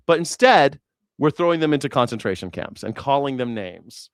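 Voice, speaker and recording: A man's voice: medium pitch, lively intonation, moderate pace, clear, resonant tone, no room sound, clean studio sound. A man hosting a news reaction show, sarcastic and incredulous and swearing freely. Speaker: host.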